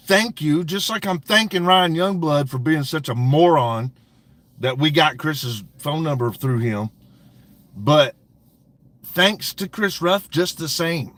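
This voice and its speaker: A man with a somewhat high voice hosts a casual livestream rant, speaking straight to his chat. He is brash, profane and mocking, and he laughs often as he talks. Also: fairly bright tone, no room sound. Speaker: livestream host.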